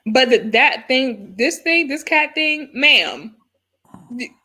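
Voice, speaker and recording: An American woman hosting a casual live review chat, with a bright, sharp tone and pitch that swings widely. She is excitable and laughs often, and her voice sits a little high. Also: slow pace. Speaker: host of a reality TV review show.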